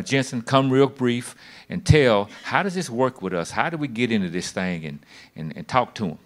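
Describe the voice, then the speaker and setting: A man preaching a sermon, folksy and emphatic, with bits of humor. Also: fairly low pitch.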